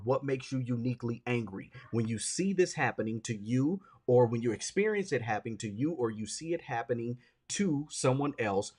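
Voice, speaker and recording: A middle-aged man leads his podcast like a motivational teacher, repeating each point for weight and pausing to check in with his listeners. His voice is husky with a breathy edge, set at an ordinary mid pitch for a man. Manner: repetitive, emphatic, checks in with "okay?" and "right?". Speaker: podcast host and leadership speaker.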